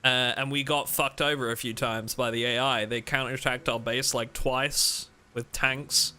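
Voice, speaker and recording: Male streamer, very bright and crisp voice, loose rambling banter with chat. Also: medium pitch, level tone, moderate pace. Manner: rambling, self-interrupting, joking with chat. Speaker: game streamer host. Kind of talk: casual live-stream chat.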